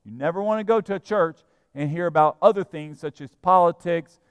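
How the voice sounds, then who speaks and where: Pastor guy preaching, kinda high voice, emphatic and animated, church echo hanging after every line. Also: fairly quick, clean tone. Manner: animated, emphatic preaching that acts out the people he talks about. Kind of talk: sermon. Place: church sanctuary.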